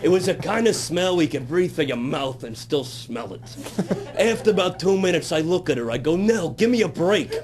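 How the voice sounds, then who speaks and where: A man's voice: on the high side, lively intonation, normal speed, darkish tone, natural voice. A man playing a sleazy old-time comic who brags crudely, in raunchy roast banter. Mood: boastful. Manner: brash, crude, self-interrupting with laughs. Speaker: guest comic character. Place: strip club, via satellite.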